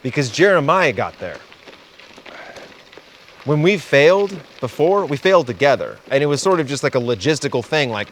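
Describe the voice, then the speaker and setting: A man's voice: a little high, very animated, moderate pace, a little hiss or hum. A man who hosts a cycling channel, talking in earnest, reflective short phrases about a hard ride. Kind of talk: confessional vlog narration.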